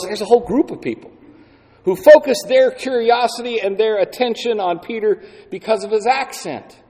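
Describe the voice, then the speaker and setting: Male preacher, unhurried, emphatic delivery, slightly higher voice, reverberant hall sound. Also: darkish tone. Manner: slow, deliberate preaching with dramatic emphasis. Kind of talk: sermon.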